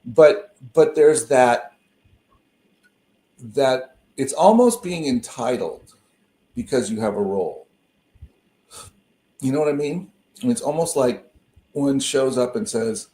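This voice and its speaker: A man talking over a video call in a roomy space with a mellow, dark tone. He rambles through personal stories, restarting phrases often. The sound is echoey. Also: mid-range voice, animated, slow, long pauses. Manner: rambling, self-interrupting storyteller. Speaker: co-host and minister. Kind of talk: casual conversation on a call.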